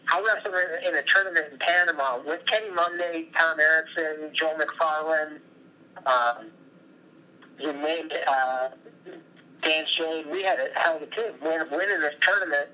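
A middle-aged man tells animated, rambling stories from his office as an interview guest. His voice is very bright and sits a touch high. A faint hiss runs underneath. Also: moderate pace, rough recording. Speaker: former wrestler, coach.

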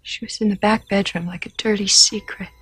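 An actress playing a haunted woman confessing her sister's death, hushed and trembling, from a film clip. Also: medium pitch, steady tone, fairly quick, slightly rough. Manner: hushed, trembling, rising to frantic cries. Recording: film clip with loud score.

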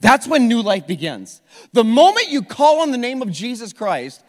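Middle-aged male pastor, high animated voice, casual energetic sermon, long hall reverb. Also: moderate pace. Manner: energetic, conversational preaching with repetitions. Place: church sanctuary.

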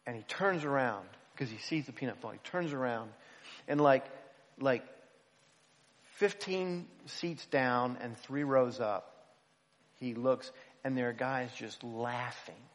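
A man, a pastor, telling a self-deprecating story in an animated, humorous way. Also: mid-range voice, slow pace. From United States. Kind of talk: storytelling sermon. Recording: long hall reverb.

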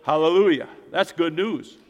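A man preaching a sermon as pastor, swinging from loud exclamations to quiet, intense passages. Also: on the high side, moderate pace, muffled recording. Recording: long reverb of a church hall.

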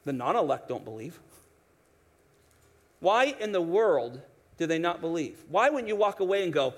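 Male pastor, higher-pitched voice, lively sermon delivery with restarts. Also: moderate pace. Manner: animated preaching with quoted voices and restarts.

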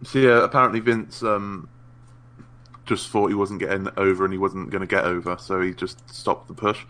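A man's voice: sits low, moderate pace. A man co-hosting a casual podcast, swearing freely and ranting. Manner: swears freely, animated rants. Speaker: podcast co-host. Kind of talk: casual chat.

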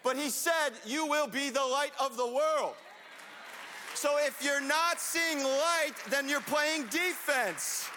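A young man preaching a sermon in a lively, conversational way, now and then rising to a shout. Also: high voice. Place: church sanctuary. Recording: long hall reverb.

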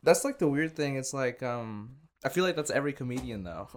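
Blunt, halting man hosting a comedy podcast. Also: medium pitch. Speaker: podcast host. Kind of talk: casual comedy chat.

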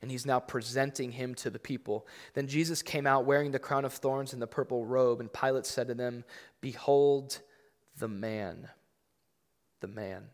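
A man's voice: mid-range voice, steady tone, a little fast, few pauses. A man preaching a sermon, conversational but emphatic, acting out scripture readings with rising intensity. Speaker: pastor. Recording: long reverb of a large hall.

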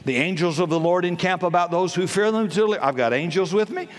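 A man's voice: high-pitched, fast. Older man preaching in a reverberant hall. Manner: storytelling, rising to fervent emphasis. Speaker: pastor. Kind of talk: sermon.

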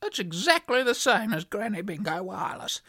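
A woman's voice: medium pitch, very animated, normal speed, a bit bright, no room sound, clean studio sound. A woman playing a vain old granny. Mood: self-important. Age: older. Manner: self-important, sulky, mock-dramatic. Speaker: podcast co-host. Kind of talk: comedic character podcast.

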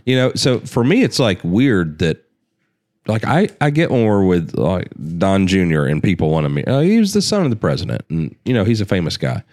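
A deep-voiced man hosts a loose, profane conversation, his pitch swinging widely as he talks. He laughs easily and keeps things relaxed. The sound is close and dry, with no room echo. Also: fairly quick. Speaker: podcast host and gun company owner. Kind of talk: casual chat.

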